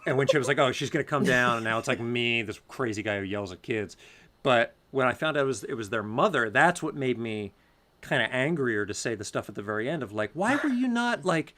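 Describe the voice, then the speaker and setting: A man's voice: medium pitch, a little fast, bright, forceful tone. Guy on a comedy podcast telling a story, gets worked up, laughs a lot. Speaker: podcast co-host. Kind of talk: casual chat, storytelling.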